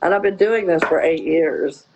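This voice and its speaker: A woman's voice: sits low, expressive, moderate pace, creaky, background noise. A woman telling her own story in a casual interview, rambling with many "you know" fillers. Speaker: guest.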